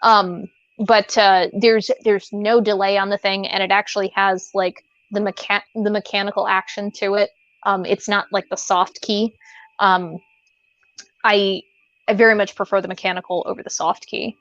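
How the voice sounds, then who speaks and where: A woman chats casually as a podcast co-host, rambling and circling back with fillers and false starts. Her voice sits at a middle pitch. The recording is dry and a little dull, like a lo-fi home setup. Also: flat delivery, normal speed, a bit bright, dry recording. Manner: rambling, many fillers and restarts. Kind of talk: casual chat. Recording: dull lo-fi sound.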